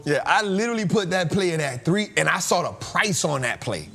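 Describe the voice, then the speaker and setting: A man's voice: high voice, expressive, brisk, vocal fry, bright, forceful tone. A man hosting a trading show, telling a story in a casual, slangy way and laughing often.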